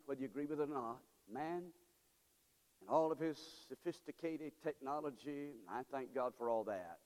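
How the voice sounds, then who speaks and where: A male pastor preaching a sermon with call-and-response, swinging between shouts and low murmurs. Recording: long reverb of a large hall.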